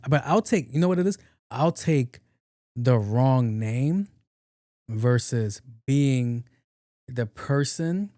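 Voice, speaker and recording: A middle-aged man, hosting a podcast and telling casual stories, profane and animated, laughing often. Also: mid-range voice, no echo, clean studio sound. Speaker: podcast host. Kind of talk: casual storytelling monologue.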